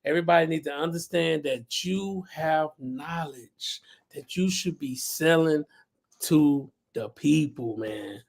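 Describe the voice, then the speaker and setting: A man's voice: fairly high pitch, gravelly. A man on a livestream as the guest, talking in an upbeat, motivational way. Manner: upbeat, motivational, speaks quickly. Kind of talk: casual interview talk.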